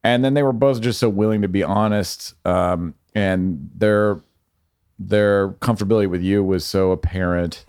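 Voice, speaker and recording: Male guest, low voice, thoughtful, halting delivery. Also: steady tone, a little mellow, clear, resonant tone. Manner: reflective, searches for words. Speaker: podcast guest, filmmaker. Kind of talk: casual podcast chat.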